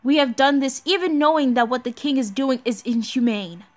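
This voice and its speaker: A woman's voice: high-pitched, moderate pace, faint music behind, natural voice. A woman voicing a stern, cold male knight in a grave, formal manner while reading a game story aloud.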